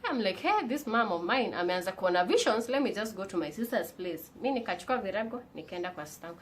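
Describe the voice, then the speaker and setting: A young woman from Kenya with a Kenyan accent tells a personal story in a casual vlog, animated and chatty, switching between English and Swahili slang. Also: medium pitch, fast talker, a little hiss or hum. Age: young adult. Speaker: vlogger.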